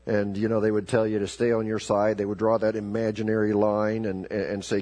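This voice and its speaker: A man preaching a sermon, telling a story with sharp emphatic rises and slowing to a low, deliberate voice for scripture. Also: flat delivery. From South America. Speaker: pastor.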